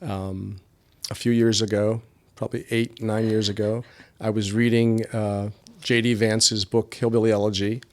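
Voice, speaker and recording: Low-voiced man telling his story. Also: little pitch movement, moderate pace, a little mellow. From Appalachian Pennsylvania. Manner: rambling, many fillers and restarts. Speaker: podcast guest, consultant. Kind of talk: casual interview storytelling.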